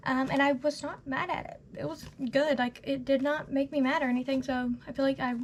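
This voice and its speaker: An eighteen-year-old woman giving a casual, gushing book review, chatty and full of "literally" and "like", often trailing off into soft half-whispers. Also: high voice, steady tone, fairly quick, slight background noise. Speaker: book vlogger.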